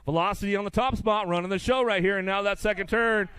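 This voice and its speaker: A man calls a live race in brisk play-by-play, reeling off riders' names and slipping in teasing jokes for the crowd. His voice sits fairly high and sounds smooth and clean. The sound is dry and close to the mic. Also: a bit bright, dry recording. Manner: rapid play-by-play with joking asides. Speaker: race announcer. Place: outdoor race track.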